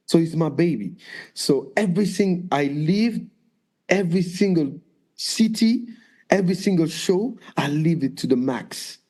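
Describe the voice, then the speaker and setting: Mellow-voiced man telling lively stories. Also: a little high, a little slow, husky. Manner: lively storyteller, acts out quoted voices, swears freely. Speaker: guest dancer and choreographer. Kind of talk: storytelling interview.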